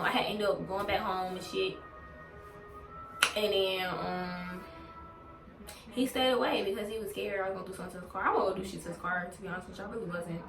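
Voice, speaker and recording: A woman telling a storytime on her vlog in a blunt, heavily profane, venting way. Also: mid-range voice. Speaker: vlogger. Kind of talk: casual storytime rant. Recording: roomy, distant from mic.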